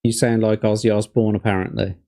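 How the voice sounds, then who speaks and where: A man hosting a gamebook stream, recapping the game in a measured way and gently teasing his guest. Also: fairly low pitch, little pitch movement. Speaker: host and game runner. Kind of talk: casual chat on a gamebook stream.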